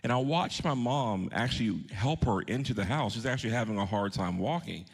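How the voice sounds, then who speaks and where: A pastor in his thirties preaches a sermon, telling a personal story with earnest emphasis and putting questions to his congregation. His fairly low voice is gravelly and slightly rough, animated and a little fast, shifting pace for emphasis.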